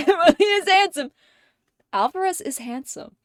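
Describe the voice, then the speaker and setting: Speaking at a measured pace, a woman streamer talks casually with her viewers. She's animated and profane, laughs a lot, and puts on squeaky voices to act out quotes.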